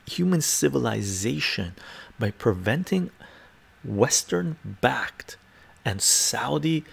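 A man in his fifties giving a soft-spoken ASMR talk as a streamer, musing aloud and reading chat messages in a slow, whispery way. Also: mid-range voice. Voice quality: gravelly and husky.

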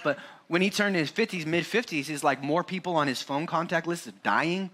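There's a faint hiss or hum behind this pastor, whose high-leaning, sharp voice moves a little quickly. In his forties, he preaches at church in a jokey, chatty style, dramatizing family moments and raising his voice for his kids' parts.

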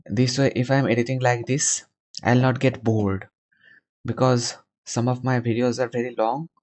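A man's voice: medium pitch, flat delivery, moderate pace, darkish tone. A man in his twenties chatting with strangers on a video call and adding chatty commentary, asking blunt questions. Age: 20s. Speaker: video chat host. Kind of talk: casual chat and voice-over commentary.

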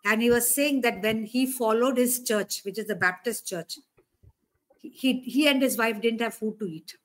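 A woman's voice: fairly high pitch, moderate pace. A woman preacher giving a conversational sermon, often asking her listeners questions.

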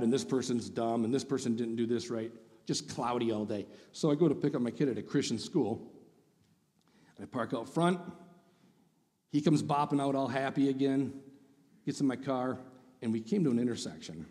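A man telling a funny story as a guest speaker in a church sermon, animated and sarcastic. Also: mid-range voice. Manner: animated, sarcastic, acts out voices. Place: church sanctuary. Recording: reverberant church hall.

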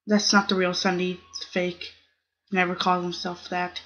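A woman's voice: lowish voice, level tone, a little slow, a bit bright, a little hiss or hum. A young woman hosting her gaming channel, chatting casually as she plays and scolding the other players with strings of "no". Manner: chatty, talks to the game's other players, squeals "no". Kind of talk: casual gameplay commentary.

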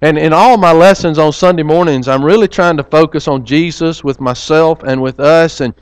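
Earnest preacher telling a story. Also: male voice, a little high, normal speed, clear, resonant tone, no echo. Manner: earnest storytelling, repeats words as he restarts. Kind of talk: sermon with personal storytelling.

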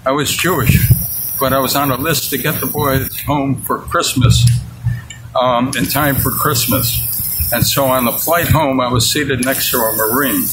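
A man's voice: medium pitch, fairly even intonation, a little slow, noisy background. A man in his eighties, a veteran, telling a personal story in an interview in a blunt, outspoken way. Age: 80s.

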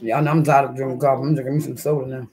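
A man's voice: mid-range voice, little pitch movement, racing. A man hosting a casual live stream, chatting and reading the chat aloud as he eats breakfast, laughing often. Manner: laughs often, with sudden loud outbursts.

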